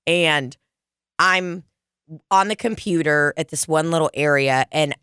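A woman's voice: sits low, a little slow, pushed and bright, clear, resonant tone, dry recording, studio quality. A young adult woman hosting a podcast, telling a rambling, profane story in casual chat. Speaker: podcast host.

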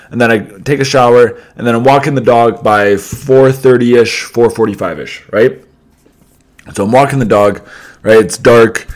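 A young man, hosting a podcast and telling a casual story, laughing often, swearing, and asking "right?" a lot. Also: mid-range voice. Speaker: podcast host.

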